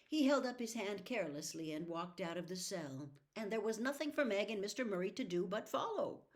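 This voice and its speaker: A woman narrating a novel aloud in an expressive storytelling manner. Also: mid-range voice, fairly quick. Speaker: reader. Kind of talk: audiobook narration.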